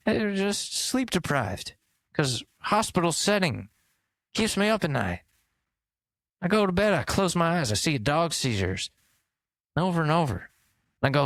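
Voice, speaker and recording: A man's voice: on the high side, big pitch swings, unhurried, long pauses, fairly bright tone, no echo. A man co-hosting a podcast in casual comedic chat, rambling and jokey, often launching into bits. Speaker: podcast co-host.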